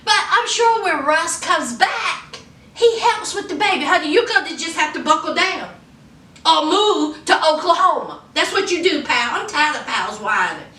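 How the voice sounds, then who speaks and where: A young woman who recaps in a sassy, animated and gossipy way. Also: extremely high pitch, normal speed, recorded from a distance. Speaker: YouTube recap host. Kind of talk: casual chatty recap. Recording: roomy echo, off-mic.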